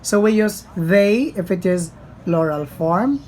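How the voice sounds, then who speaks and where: A woman teaching a grammar lesson in a slow, deliberate way, often calling the class to attention. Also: mid-range voice, expressive, a little mellow, a little hiss or hum, low-quality recording. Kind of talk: grammar lesson for young learners.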